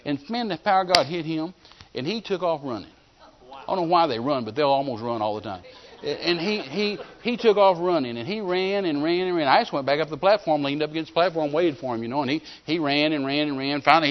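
A man preaching a sermon, telling a healing story in an animated way and acting out the scenes. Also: a little high. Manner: animated storyteller who acts out scenes and shouts commands. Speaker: evangelist preacher. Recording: dull lo-fi sermon recording.

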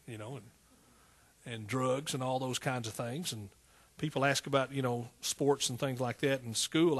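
A man's voice: medium pitch, husky. Folksy East Texas preacher man. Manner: folksy, call-and-response preaching. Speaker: pastor. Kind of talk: sermon.

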